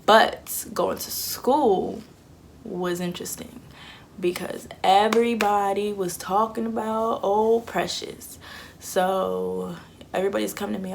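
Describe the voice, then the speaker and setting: Young woman, twenties, gravelly fry, candid chatty storytelling, faint background hiss. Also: mid-range voice, fairly even intonation, a little slow. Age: 20s. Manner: candid and chatty, acts out quotes. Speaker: vlogger. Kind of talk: casual storytelling.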